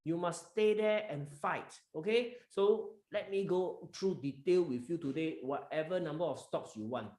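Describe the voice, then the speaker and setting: A man's voice: fairly high pitch, normal speed, few pauses, darkish tone, echoey room. A man with a Malaysian accent hosting a live stock market webinar, talking emphatically and coaxing his members, mixing in local slang.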